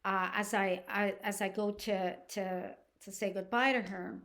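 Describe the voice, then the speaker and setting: A woman's voice: mid-range voice, steady tone, fairly bright tone. Earnest older woman telling a story. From Canada. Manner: earnest and halting, with restarts and acted-out quotes. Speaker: podcast host. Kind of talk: personal storytelling podcast.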